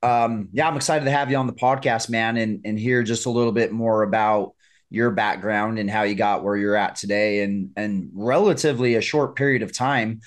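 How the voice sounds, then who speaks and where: A man's voice: fairly low pitch, steady tone, fairly quick. A man hosting a podcast, asking questions in a friendly, chatty way. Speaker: podcast host. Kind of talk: casual interview.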